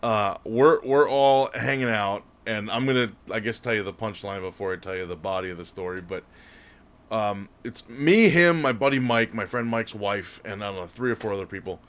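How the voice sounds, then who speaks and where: A man's voice: fairly low pitch, moderate pace, a bit bright, smooth. A man co-hosting a podcast, telling a casual story in a rambling way. He often corrects himself and laughs as he goes. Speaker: podcast co-host.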